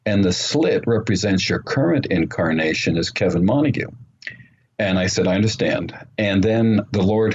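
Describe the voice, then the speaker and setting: Deep-voiced man recounting an experience. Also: a little mellow. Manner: earnest, unhurried storytelling with many fillers. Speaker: interview guest. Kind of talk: storytelling interview. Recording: muffled remote call audio with faint noise.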